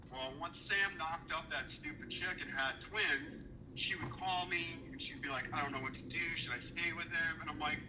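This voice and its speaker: A man's voice: a little high, noisy background. A man telling a heated story as a podcast guest, cursing often and acting out the dialogue he quotes. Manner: profane, indignant, acts out quoted dialogue. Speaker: podcast guest recounting a business dispute.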